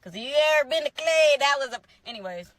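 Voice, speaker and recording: A young woman tells her followers a personal story in a high-pitched voice. Her tone is bright and sharp. She talks casually, animated and emphatic, and circles back over the same phrases. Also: fast talker, no echo. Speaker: storyteller in a social media clip.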